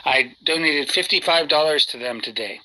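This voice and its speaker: A man's voice: a little high, moderate pace, sharp tone, rough recording. A man calling into an audio chat room who speaks politely and hesitantly, with many uhs. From United States. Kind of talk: casual chat.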